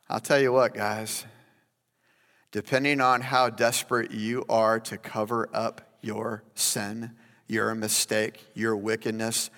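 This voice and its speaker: A man preaching a sermon as pastor, animated and addressing listeners as guys. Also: lowish voice. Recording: long hall reverb.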